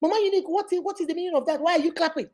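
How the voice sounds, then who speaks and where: A woman voicing an indignant married man who hits his wife, talking high and agitated. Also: rapid-fire, noisy background.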